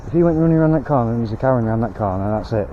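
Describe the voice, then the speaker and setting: A man's voice: medium pitch, lively intonation, rapid-fire, phone-quality sound, a little hiss or hum. A man vlogging outdoors on a canal towpath, ranting bluntly in a rambling way and swearing now and then. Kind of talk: casual rant while walking.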